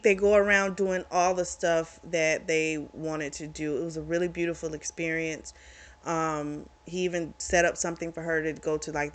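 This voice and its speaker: A woman hosting her own book review channel, chatting casually through the plot with lots of "like" and "you know". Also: deep voice.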